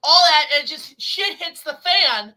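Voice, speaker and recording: High, very bright woman, excitable film reviewer, casual. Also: measured pace, poor audio. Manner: excitable, enthusiastic, swears casually.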